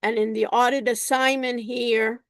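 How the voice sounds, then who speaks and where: Slow-paced woman teaching an online class. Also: a little high, flat delivery, dry recording. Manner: unhurried, repeats words, addresses students by name. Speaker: college instructor.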